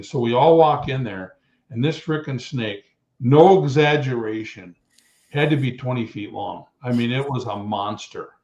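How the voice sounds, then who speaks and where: A man's voice: mid-range voice, measured pace. Older guy rambling through wrestling road stories, doing the voices, echoey room, muffled sound. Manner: rambling, animated storyteller who acts out quotes. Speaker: guest, retired pro wrestler. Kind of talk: anecdotal storytelling. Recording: echoey, dull remote call audio.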